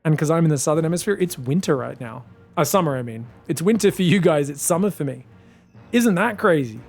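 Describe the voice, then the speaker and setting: A man giving solo esports commentary in a chatty, joking way with excitable asides. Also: on the high side, a little fast, creaky, soft background music. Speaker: esports caster.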